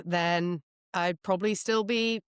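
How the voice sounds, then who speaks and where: A woman guest on a podcast interview, telling her story in a lively, candid way. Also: mid-range voice, takes it slowly, clear, resonant tone, dry recording, studio quality. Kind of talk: casual interview chat.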